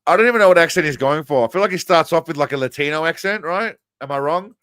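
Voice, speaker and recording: A man's voice: fairly high pitch, fast, a bit bright, clear, resonant tone, no room sound. Crude, mocking livestream host man. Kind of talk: casual livestream commentary.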